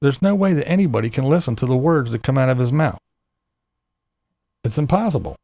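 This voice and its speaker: A man's voice: medium pitch, expressive, fairly quick, dark tone, dry recording. A man hosting his own channel, delivering a profane, exasperated rant straight to his viewers. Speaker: channel host. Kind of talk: ranting vlog monologue.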